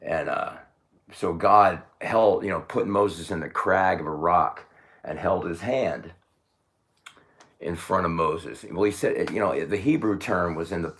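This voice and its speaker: A man delivering a rambling religious monologue. He swings from shouting to muttering and corrects himself as he tells the story. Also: sits low, a little slow.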